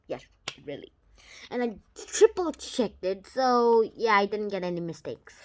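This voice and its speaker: An excited child talks through a homemade video report, piling up restarts as the thoughts run ahead. The voice sits at a middling pitch but jumps up and down in loudness and tone while explaining. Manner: eager, rambling explanations with frequent restarts. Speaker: video reviewer. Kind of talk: casual spoken video report.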